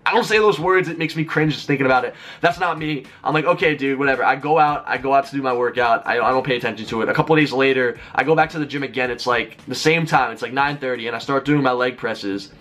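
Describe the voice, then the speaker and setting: Fast-talking young man telling a story. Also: medium pitch, fairly bright tone. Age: 20s. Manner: rapid chatty delivery full of "like". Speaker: YouTuber. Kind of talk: casual storytelling vlog.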